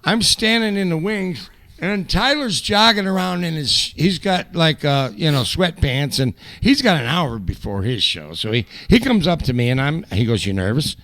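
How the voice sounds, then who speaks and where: A man, a rock vocalist, telling profane road stories loudly in a casual interview, now and then breaking into improvised song. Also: fairly high pitch, animated, normal speed, no echo. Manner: loud, profane, bursts into improvised singing. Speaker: guest vocalist.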